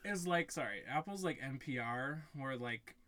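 A man's voice: mid-range voice, expressive, moderate pace, sharp tone. A young man co-hosting a podcast, casually telling a story and acting out quotes. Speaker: podcast co-host. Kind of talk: casual chat.

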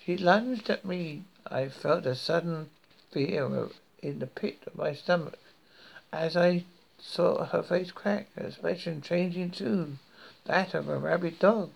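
A British man reading a horror story aloud in a slow, measured way, with occasional slips and restarts. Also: a little high, vocal fry.

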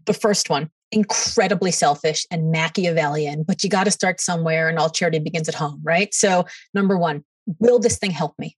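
A middle-aged woman, a podcast guest, answering in an animated way and acting out what others said to her. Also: deep voice, fairly quick, slightly rough, no echo, recorded from a distance. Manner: animated, quotes others in dialogue. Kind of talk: storytelling interview answers.

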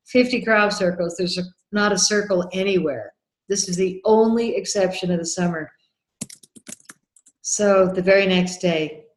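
A woman with a low voice tells a personal story with building excitement. She acts out the lines of people in it. The recording has a roomy echo. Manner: excitable, acts out remembered dialogue. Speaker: guest, documentary filmmaker. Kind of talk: animated storytelling in an interview.

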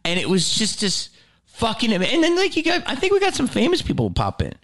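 A middle-aged man from Philadelphia hosting a podcast, telling stories in an animated, profane way and slipping into quick impressions of other people. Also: high-pitched. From Philadelphia, USA. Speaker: podcast host. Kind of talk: casual comedy-shop chat.

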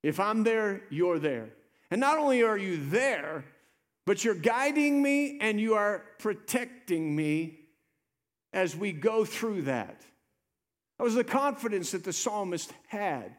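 A male pastor preaching a sermon, swelling into emphatic lines and dropping to quiet ones. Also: high-pitched, sing-song, slow.

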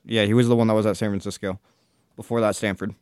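A man's voice: lowish voice, level tone, fast, darkish tone, smooth, dry recording, clean studio sound. A man hosting a casual podcast, reading sports headlines with many filler uhs. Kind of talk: casual chat.

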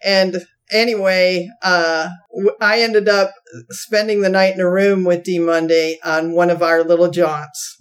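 A woman telling a long funny story from her church life in a folksy way, often laughing as she talks and jumping into high voices when she quotes people. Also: level tone, measured pace, hardly any pauses, smooth. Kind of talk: animated storytelling chat.

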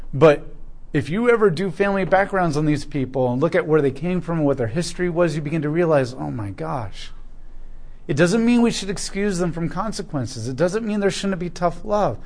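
A male preacher with a somewhat high voice delivers a sermon. He tells a story in a relaxed, chatty way and keeps asking his listeners questions. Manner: conversational storytelling, with asides to the congregation. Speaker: pastor.

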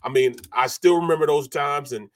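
Middle-aged male sports host, slightly high voice, loose and rambling delivery. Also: normal speed. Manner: rambling, loose delivery full of "you know" and restarts. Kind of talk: casual sports talk.

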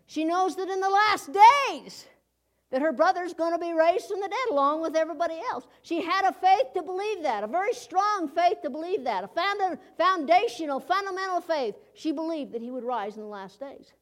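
A woman's voice: very high voice, expressive, moderate pace. A woman preaching a conversational sermon in a folksy manner, often asking her listeners rhetorical questions.

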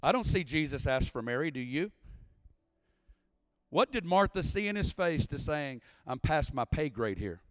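A man preaching a sermon at a church service, impassioned, building to shouts and sing-song cadences. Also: fairly high pitch, very animated, moderate pace, dry recording, big-room sound. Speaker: guest preacher.

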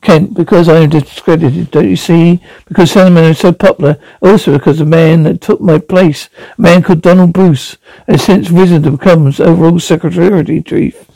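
Man reading a disgraced ex-official, urgent and halting, slightly high, dark tone. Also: fairly even intonation, gravelly, no room sound, poor audio. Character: bitter disgraced male former security official.

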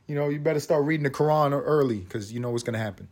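A man's voice: mid-range voice, rapid-fire, a little mellow. A man hosting his own podcast, ranting in a profane, sarcastic and rambling way. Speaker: podcast host. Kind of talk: casual rant.

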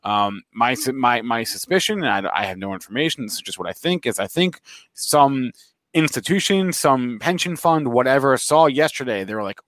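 A man's voice: mid-range voice, animated, fairly bright tone, dry recording. A man co-hosting a markets show, talking casually with frequent stumbles and restarts. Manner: halting, many restarts. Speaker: co-host. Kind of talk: casual chat.

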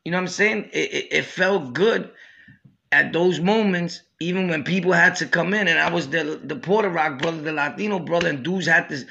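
On a lo-fi recording, a man from Brooklyn with a New York accent hosts a podcast and spins stories in street slang, repeatedly asking "you know what I'm saying." He talks a little fast in a slightly high, gravelly, sharp voice.

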